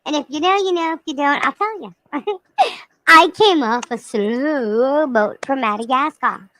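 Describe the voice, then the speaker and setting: A woman's voice: high voice, unhurried, bright, forceful tone, slight background noise, rough recording. A woman voicing a cheeky young male rainbow lemur who rambles through a crude, chatty story. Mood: rambling tale. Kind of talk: comic character monologue.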